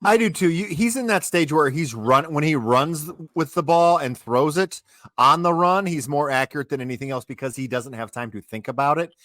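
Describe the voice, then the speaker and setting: A man's voice: on the high side, normal speed, fairly bright tone, dry recording, studio quality. A man co-hosting a sports podcast, talking in an easygoing, hopeful fan's way. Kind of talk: casual sports chat.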